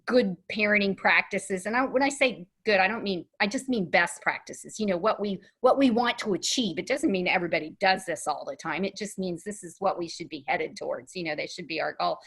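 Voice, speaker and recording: A woman's voice: medium pitch, a bit bright, slightly rough. A woman in her sixties hosting a podcast interview, chatty and laughing lightly between her points. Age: 60s. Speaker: podcast host. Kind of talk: casual conversational interview.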